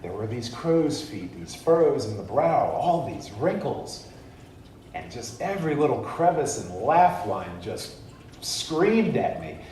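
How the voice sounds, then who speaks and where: A dismayed aging husband begs his wife for comfort in a plaintive, drawn-out way, as a man puts him on. The voice rings through a very echoey church hall and sounds set back from the mic. Faint noise hums underneath. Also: medium pitch, very animated, a little mellow, far from the mic. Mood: pleading.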